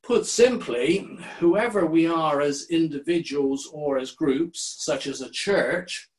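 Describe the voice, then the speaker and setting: An older male minister preaching slowly and deliberately, his voice sitting a little high for a man. He weighs each phrase of the sermon and unhurriedly lays out his points. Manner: measured, deliberate delivery with quoted scripture.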